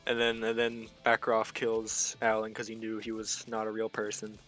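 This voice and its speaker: Young male explainer, low monotone delivery, rambling casual recap, faint music under it. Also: normal speed. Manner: rambling, chains events with "and then". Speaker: explainer of game lore. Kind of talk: casual chat.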